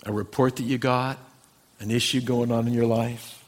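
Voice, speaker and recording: A man's voice: mid-range voice, little pitch movement, normal speed. Man, pastor, church sermon, earnest and conversational, emphatic scripture reading. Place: church sanctuary.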